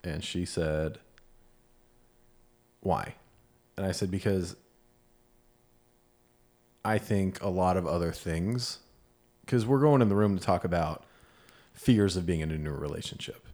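A man with a somewhat low voice co-hosting a podcast. He tells stories frankly and plainly, replaying whole conversations and swearing casually along the way. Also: measured pace, long pauses, a little mellow. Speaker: podcast co-host. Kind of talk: casual storytelling chat.

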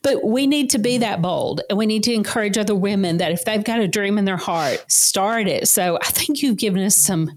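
A woman's voice: medium pitch, a little fast, hardly any pauses. A woman in her fifties with a Southern American accent, hosting a casual podcast chat in a chatty, emphatic way and using folksy sayings. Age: 50s. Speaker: podcast host.

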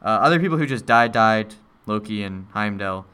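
Smooth-voiced man recapping a movie. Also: on the low side, moderate pace. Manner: animated recapping, acting out characters' lines. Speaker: movie discussion co-host. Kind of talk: casual chat.

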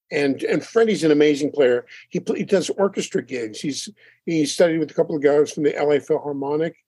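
Animated storytelling man, slightly high voice. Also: no room sound. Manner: animated storyteller, acts out quotes, laughs often. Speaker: band leader and drummer. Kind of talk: casual interview chat.

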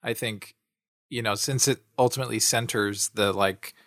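A man co-hosting a podcast who talks through a film critique in a thoughtful, analytical way, with pauses and fillers. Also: lowish voice, steady tone, fairly bright tone, dry recording, clean studio sound. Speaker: podcast co-host. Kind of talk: casual film discussion.

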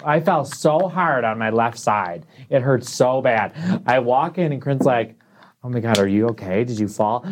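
A woman's voice: rumbling low, expressive, normal speed, a little hiss or hum. A young woman co-hosting a casual chat, telling stories bluntly and swearing freely. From Buffalo area. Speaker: podcast co-host.

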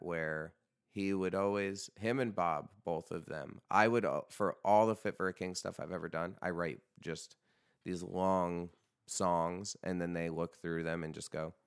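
Deep-voiced young man chatting casually. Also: clear, resonant tone, no room sound, clean studio sound. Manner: rambling, profane, loose and joking. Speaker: podcast host and band vocalist. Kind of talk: casual chat.

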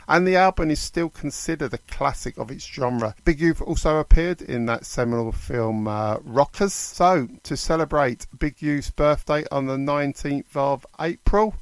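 A man's voice: medium pitch, no echo. A man hosting a radio music show, reading artist histories in a lightly conversational way. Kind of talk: radio DJ narration.

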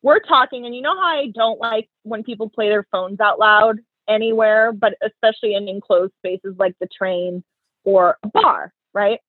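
A woman co-hosting a casual podcast, telling dating stories in a chatty, animated way with lots of "like". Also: mid-range voice, normal speed, no room sound. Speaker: podcast co-host. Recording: tinny phone-like sound, dry.

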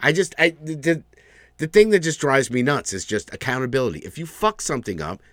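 A man's voice: medium pitch, fairly quick, no echo. A man co-hosting a podcast, ranting and swearing in casual chat. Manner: ranting, swears freely, animated. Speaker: podcast co-host.

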